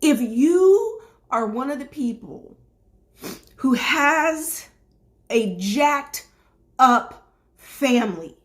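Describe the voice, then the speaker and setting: A woman's voice: high-pitched, animated, extremely slow, long pauses. A middle-aged woman life coach giving a motivational talk straight to her viewers, emphatic and repetitive like a preacher.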